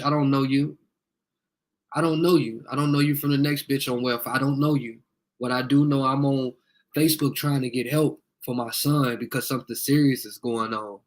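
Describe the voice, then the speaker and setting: A man speaking into his phone on a live video, confrontational and profane, repeating himself as he appeals to viewers. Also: medium pitch. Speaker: livestreamer asking viewers for help. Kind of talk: heated live video rant.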